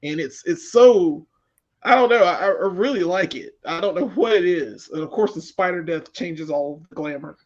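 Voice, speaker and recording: Man, higher voice, rambling group-chat reviewer; muffled lo-fi recording. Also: animated, moderate pace. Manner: rambling, repeats words, enthusiastic. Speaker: podcast co-host. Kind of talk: casual movie review chat. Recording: dull lo-fi sound.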